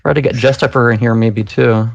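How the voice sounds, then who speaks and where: A man's voice: medium pitch, steady tone, moderate pace, vocal fry, muffled recording, slight background noise. A man hosting a casual live audio chat, loose and chatty with lots of fillers. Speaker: podcast host.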